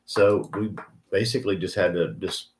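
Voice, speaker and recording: A man's voice: low-pitched, fairly even intonation, moderate pace, darkish tone, roomy sound. Older man rambling on a live stream. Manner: rambling with many restarts and fillers. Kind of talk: casual live stream storytelling.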